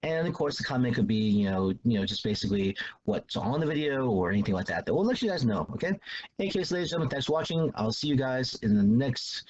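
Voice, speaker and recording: A man's voice: medium pitch, sing-song, fast talker, darkish tone, dull audio. A man teaching a math lesson in a casual, loose way, repeating himself as he explains. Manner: loose, repetitive explaining with restarts and fillers.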